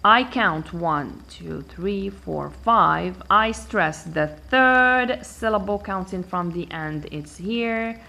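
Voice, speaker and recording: A woman teaching an English pronunciation lesson, counting syllables aloud slowly and deliberately. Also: mid-range voice, animated, vocal fry, bright, forceful tone. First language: Arabic.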